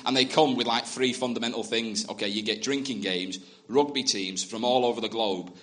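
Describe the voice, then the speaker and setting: A male stand-up comedian mid-set, telling a story with punchy timing and casual swearing. His voice sounds bright and forward. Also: medium pitch, moderate pace.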